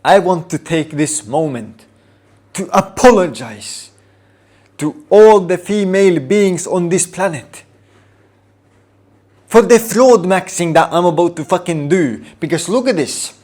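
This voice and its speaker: A man with a fairly high voice rants to camera in a comic vlog. He takes his time over every line and stretches out his words. He swears constantly and plays up fake outrage and smug irony. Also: animated, a little slow. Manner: mock-outraged, profane, over-the-top ironic delivery. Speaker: vlogger. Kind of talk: comedic rant to camera.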